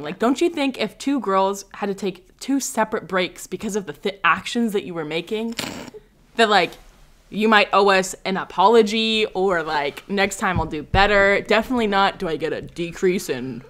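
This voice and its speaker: Blunt, animated young woman hosting a podcast. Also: mid-range voice, moderate pace. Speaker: podcast host. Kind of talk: casual chat.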